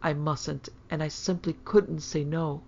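A woman's voice: low voice, flat delivery, unhurried, vocal fry, darkish tone, dull audio, a little hiss or hum. A woman voicing a timid, secretive young girl who talks hurriedly and nervously in a storybook reading.

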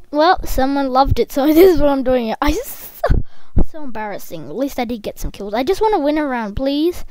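A woman giving casual, chatty game commentary close to a desk microphone, talking straight to the viewers and bursting into excited yells. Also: sits high, normal speed, no room sound. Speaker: gameplay commentator.

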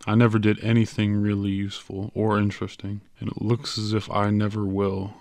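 Guy doing a bitter young bank clerk in an audiobook, scoffy, flat low voice, dry sound. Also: a little fast, vocal fry, no room sound. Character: weary, bitter young man, a small-town bank clerk.

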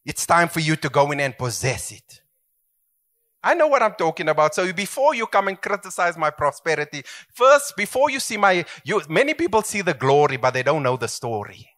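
A man's voice: a little high, sing-song, brisk, fairly bright tone. A middle-aged man preaching a sermon as pastor, emphatic and swooping, calling for amens.

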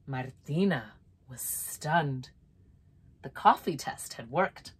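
A woman reading a children's picture book aloud, expressive and playful, with asides to listeners. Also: very deep voice, takes it slowly, slightly rough. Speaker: storyteller.

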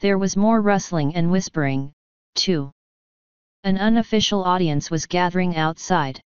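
Clear-voiced woman narrating an audiobook. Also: lowish voice, moderate pace, dry recording. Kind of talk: scripted narration. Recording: dull lo-fi audio.

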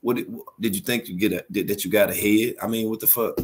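A man's voice: on the low side, fairly even intonation, fast talker, husky. A man hosting a stream and mockingly roasting someone, with scornful insults and laughter at his own jokes.

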